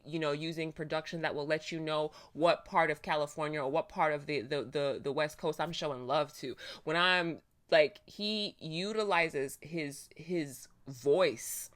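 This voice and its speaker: A woman with a low voice hosts a reaction video, talking casually and animatedly into her own microphone. She uses lots of fillers, swears some, and laughs often.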